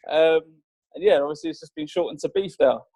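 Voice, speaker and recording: A man's voice: fairly high pitch, brisk, mellow. A young man from England, a golfer guest on a podcast, telling stories in a laid-back way and chuckling often. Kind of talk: casual podcast chat.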